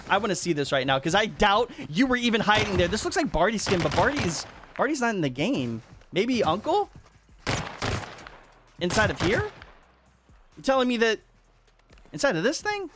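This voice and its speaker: A man hosting a gaming video, giving excitable, chatty commentary and talking to other players as he plays. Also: high voice. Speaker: gaming channel host. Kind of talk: live gameplay commentary. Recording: voice over noisy game audio.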